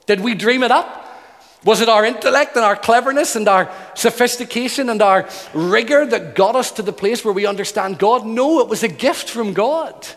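A man's voice: high voice, moderate pace, fairly bright tone. A man preaching a sermon in earnest, building emphasis through repeated phrases. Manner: earnest, emphatic, rhythmic repetition. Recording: long hall reverb.

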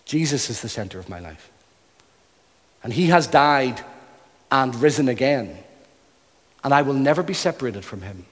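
A man preaches an earnest sermon, building emphasis through rhythmic, repeated phrases. His mid-range voice is expressive at normal speed, broken by long pauses, and a long hall reverb colors the recording.

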